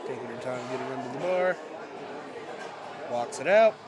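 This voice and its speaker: A man with a congested voice commenting live on a powerlifting meet, with relaxed, self-correcting play-by-play and dry asides. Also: medium pitch, normal speed, over music, crowd noise. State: congested from a cold.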